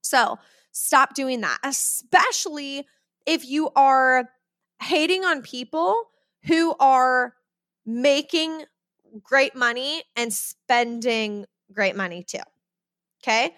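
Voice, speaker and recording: A young adult woman hosting a solo podcast, talking in a chatty, animated way and often checking in with "okay?" and "right?". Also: sits high, slow pace, no echo, studio quality. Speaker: podcast host. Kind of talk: solo podcast monologue on money mindset.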